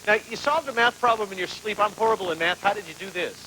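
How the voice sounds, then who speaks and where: A man's voice: sits high, expressive, fast, pushed and bright, slight background noise, poor audio. A man hosting a TV game show, joking and teasing the contestants. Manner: jokey, teasing banter with contestants. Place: TV studio.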